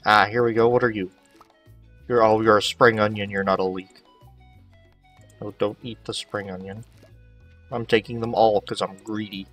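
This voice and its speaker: A man's voice: lowish voice, level tone, normal speed, long pauses, a bit bright, far from the mic, soft background music. A man giving casual gameplay commentary, chatting to the characters as he plays. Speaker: let's play host.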